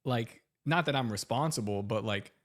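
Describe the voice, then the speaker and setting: A man co-hosting a podcast in casual chat, his talk building into a loud heated rant. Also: medium pitch, normal speed. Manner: heated, rising into loud ranting. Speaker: podcast co-host.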